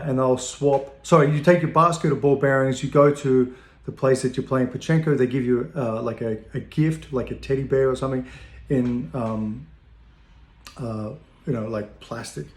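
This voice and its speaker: A man's voice: medium pitch, a little mellow, roomy sound. A man telling a casual, rambling anecdote, loose and profane, often laughing at his own story.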